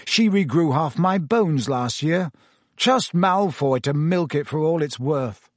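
A man's voice: on the high side, animated, slow pace, dry recording, studio quality. A man voicing a determined teenage schoolboy wizard who speaks firmly and pointedly. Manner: pointed, firm.

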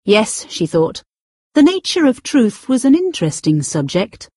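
A woman reading a novel aloud as narrator, expressive and slowing down to stretch out key words. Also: on the high side, husky, no room sound, studio quality. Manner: expressive, with drawn-out emphasis. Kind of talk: scripted audiobook narration.

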